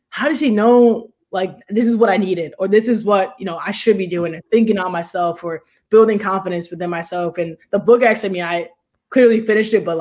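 A young woman chatting loosely as a guest on a talk show. Her voice sits at a middling pitch. She keeps piling on "like" and "you know" as she rambles through her story. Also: a little mellow. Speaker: interview guest, basketball player. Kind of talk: casual storytelling.

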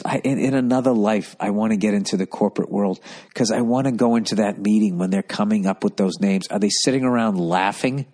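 A man with a deep, low voice rants through a solo podcast episode. He is profane and rambling, and sounds exasperated as he tells his stories. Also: darkish tone. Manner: storytelling with voiced asides. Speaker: podcast host.

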